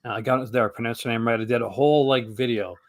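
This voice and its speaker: A man's voice: medium pitch, fairly even intonation, fast, dry recording. A man from Canada with a Canadian accent, chatting as a guest on a live stream, enthusiastic and rambling with lots of fillers and restarts. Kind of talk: casual chat.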